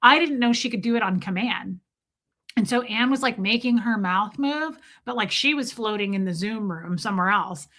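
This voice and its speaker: A woman hosting a livestream, telling a wild story to her chat in an animated way, full of "like" and swearing. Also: medium pitch, normal speed. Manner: animated, lots of "like" fillers and cursing. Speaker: livestream host. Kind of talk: casual storytelling to a live chat.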